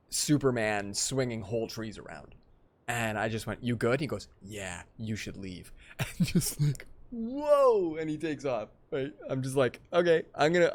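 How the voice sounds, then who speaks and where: A man streaming a strategy game live, chatting casually with viewers and telling rambling stories. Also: mid-range voice.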